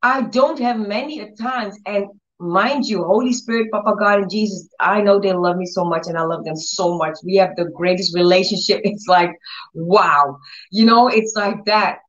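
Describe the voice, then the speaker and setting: A woman teaching her church audience about healing, giving an earnest, repetitive testimony with soft laughs. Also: mid-range voice, moderate pace. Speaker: Bible teacher and church leader. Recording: distant, dull-sounding mic.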